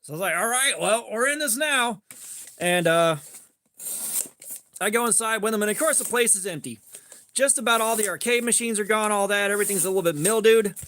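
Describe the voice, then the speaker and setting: A man streaming live, telling a rambling, profane story in a casual way and getting animated when he quotes people. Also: high-pitched, a little fast, a little hiss or hum. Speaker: livestream host.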